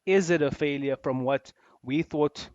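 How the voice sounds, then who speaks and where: Animated man, higher voice. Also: measured pace, no echo, dull audio. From South Africa. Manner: animated, laughs often, repeats himself. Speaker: podcast co-host. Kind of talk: casual football chat.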